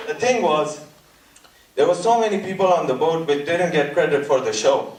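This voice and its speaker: A male stand-up comedian telling a story in a lively way, laughing at his own jokes and dropping into mimicked voices. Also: on the high side, moderate pace. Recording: echoey stage audio from a distant mic.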